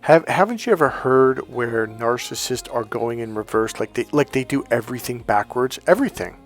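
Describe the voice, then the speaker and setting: A man speaking as a motivational coach, emphatic and repetitive. His pitch sits in an ordinary middle range. Faint music plays behind his talk. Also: lively intonation, normal speed. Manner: emphatic, repetitive, chanting mantras. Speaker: life coach.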